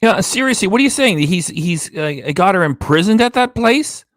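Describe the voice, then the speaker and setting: A man's voice: high voice, animated, normal speed, a bit bright, slight background noise. A tired man hosting a reaction channel, ranting with indignant sarcasm about a live stream. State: tired, low energy. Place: home studio with green screen.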